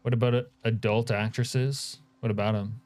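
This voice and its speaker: A man's voice: mid-range voice, little pitch movement, moderate pace, darkish tone. A man streaming a game, chatting casually and joking as he reacts to his chat.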